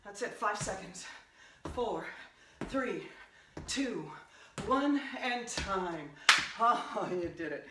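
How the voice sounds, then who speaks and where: A woman leads a home workout with upbeat coaching cues and countdowns, sometimes out of breath. Her voice is mid-pitched and stands a few steps back from the mic. The room is echoey and there is a clear hiss of noise. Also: animated, very slow, pauses often. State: out of breath at times. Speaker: fitness instructor. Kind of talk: workout instruction. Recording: roomy, distant, noisy home recording.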